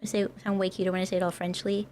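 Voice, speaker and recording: A woman's voice: medium pitch, flat delivery, rapid-fire, darkish tone, slight background noise. An American woman who streams as a VTuber, chatting casually with her viewers and laughing often. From United States. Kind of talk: casual livestream chat.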